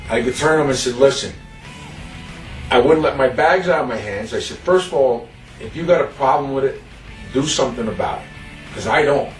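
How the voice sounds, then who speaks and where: A man's voice: mid-range voice, fairly quick, long pauses, recorded from a distance, faint music behind. Rambling man in an echoey room. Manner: rambling, blunt, quotes himself. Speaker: interviewee. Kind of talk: casual storytelling. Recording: echoey room, away from the mic.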